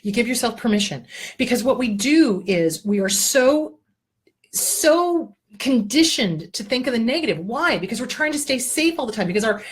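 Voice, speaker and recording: Blunt, husky-voiced woman coaching listeners. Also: on the high side, normal speed. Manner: blunt, earthy and profane, with lively asides; gently coaching, walking the listener through exercises. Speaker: therapist and show host. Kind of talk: casual self-help advice talk.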